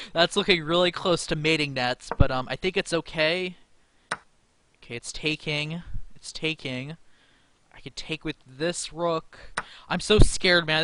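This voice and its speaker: Young male chess streamer, slow nervous self-talk, bright dry close voice. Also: fairly high pitch, no room sound. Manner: anxious, self-talking, laughs nervously. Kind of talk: live game commentary.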